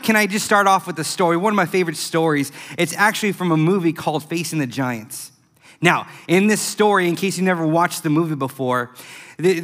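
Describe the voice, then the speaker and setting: A man preaching a youth sermon, telling a story in an animated, emphatic way. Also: a little high. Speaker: youth pastor. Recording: echoey hall.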